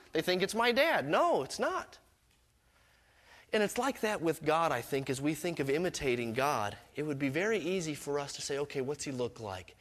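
A man's voice: fairly high pitch, fairly bright tone. A middle-aged man preaching a sermon as pastor, mixing scripture with personal stories in a conversational way. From Canada.

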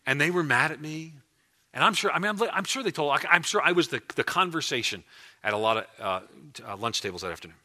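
A man preaching a sermon as pastor in a church, animated and emphatic, often restarting his phrases. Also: a little high, quick pace. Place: church before a congregation.

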